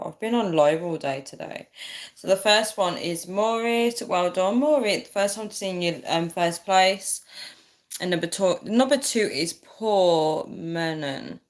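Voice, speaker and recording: A woman's voice: lowish voice, lively intonation, a little slow. A woman hosting a casual livestream, reading out viewer comments, tired and often breaking into fits of laughter. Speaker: livestream host.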